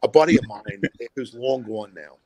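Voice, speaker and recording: A man's voice: on the low side, moderate pace, warm tone. A middle-aged man, a filmmaker guest, telling a long story in a casual interview, rambling with many fillers and restarts.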